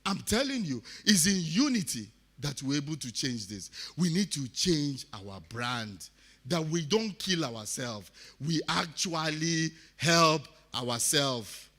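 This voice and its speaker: A man from Delta State with a Nigerian accent, giving an impassioned speech at a summit, repeating phrases and swinging from quiet to loud. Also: fairly high pitch, big pitch swings, unhurried, husky. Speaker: summit speaker. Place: conference hall.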